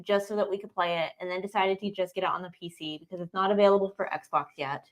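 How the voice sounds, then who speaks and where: Easygoing woman chatting with pauses. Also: mid-range voice, fairly even intonation. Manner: hesitant, many filler ums, easygoing. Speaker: livestream co-host. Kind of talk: casual chat.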